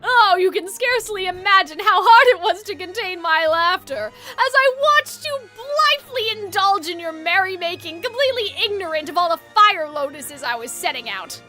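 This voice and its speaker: A woman's voice: very high voice, animated, moderate pace, hardly any pauses, bright, forceful tone, soft background music, exaggerated voice. A woman voicing a sinister, haughty young male villain who speaks in a theatrical, sneering way. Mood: scornful villainous.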